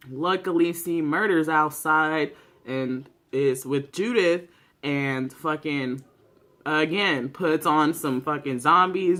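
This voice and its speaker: A young adult vlogger talks in a loose, hyped-up way, heavy on slang, swearing and fillers. The voice sits at a middle pitch, neither high nor low. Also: fairly bright tone. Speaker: YouTuber reviewing a TV series. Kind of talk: casual vlog commentary.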